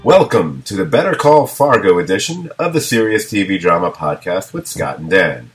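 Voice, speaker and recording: A man hosting a podcast in relaxed conversation. His voice sits very low, and he laughs often and circles back on his own sentences as he talks. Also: moderate pace, faint music behind. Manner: chatty, laughs often, trails into restarts. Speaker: podcast host. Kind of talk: casual chat.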